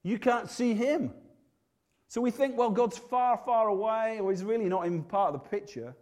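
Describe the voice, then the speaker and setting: High-voiced Yorkshire man preaching. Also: normal speed, darkish tone. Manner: conversational and humorous, with frequent restarts. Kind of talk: sermon.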